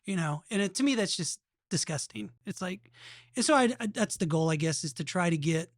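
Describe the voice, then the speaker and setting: A man's voice: high-pitched, animated, fairly quick, dry recording, clean studio sound. A man hosting a podcast in casual chat, earnest and rambling, often restarting his sentences. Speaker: podcast host.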